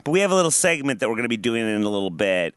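A man's voice: mid-range voice, sing-song, very fast, a bit bright, no echo, clean studio sound. A man hosting a podcast, chatting in a sarcastic, profane way. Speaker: podcast host. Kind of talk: casual chat.

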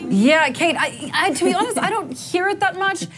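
A woman's voice: extremely high pitch, expressive, normal speed. A woman presenting a news segment. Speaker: news anchor. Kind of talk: news broadcast.

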